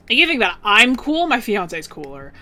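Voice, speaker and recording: A young woman streamer chatting casually, bubbly and rambling, full of "like" and quick laughs. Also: a little high, pushed and bright. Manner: bubbly, rambling, heavy "like" filler, bursts of laughter.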